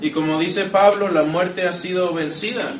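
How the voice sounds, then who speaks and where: A man's voice: high voice, steady tone, fairly quick, roomy sound, far from the mic, a crowd in the background. A man giving assertive, explanatory commentary.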